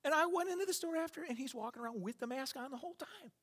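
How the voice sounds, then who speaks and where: A man preaching as a pastor, telling a story, animated, and acting out the people in it. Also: very high voice, racing. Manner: animated, acts out quotes, laughs at his own stories. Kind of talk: sermon with storytelling. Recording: long reverb of a hall.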